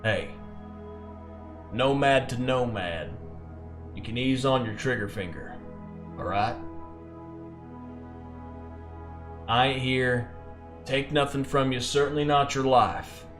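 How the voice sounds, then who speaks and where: Man voicing a scarred gunslinger, calm and gruff, quiet drawl. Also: slow, music in the background. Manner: low, steady drawl.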